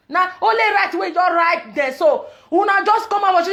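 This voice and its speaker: A woman with a Nigerian Pidgin accent giving a ranting, emphatic commentary as a vlogger, repeating herself and breaking into loud outbursts. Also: very high voice, normal speed, few pauses.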